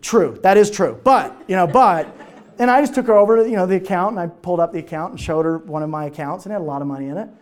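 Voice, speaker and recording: A middle-aged man speaking to a live audience, telling personal stories in an animated way and acting out the voices of the people in them. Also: high voice, quick pace. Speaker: motivational speaker.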